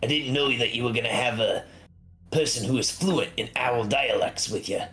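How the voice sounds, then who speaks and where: A man's voice: mid-range voice, moderate pace, a bit bright, poor audio. A man voicing a sly male imp, a devil's servant who speaks with slick politeness. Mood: rueful. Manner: smooth, slyly polite.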